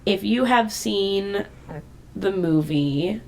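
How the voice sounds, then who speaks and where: A woman co-hosting a casual podcast, chatting and explaining terms from her notes, often dropping into a soft, low voice. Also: expressive, drawn-out words, slight background noise. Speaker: podcast co-host.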